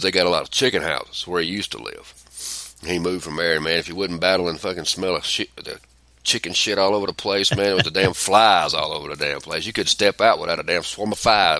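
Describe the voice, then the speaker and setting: A man's voice: low-pitched, pushed and bright, no echo. A middle-aged man, a podcast co-host telling rambling stories in blunt, profane casual chat.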